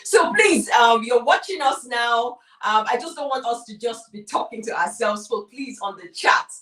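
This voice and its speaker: A woman's voice: on the high side, animated, moderate pace, a bit bright, echoey room, recorded from a distance. A woman lecturer co-hosting a relationship talk, speaking emphatically, repeating key words and speaking directly to viewers. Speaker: co-host and lecturer. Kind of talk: conversational discussion.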